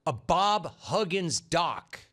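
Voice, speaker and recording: Emphatic middle-aged podcast host. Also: male voice, on the high side, sing-song, slow pace, a bit bright. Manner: emphatic, repeats himself, calls guest dude. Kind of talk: casual interview chat.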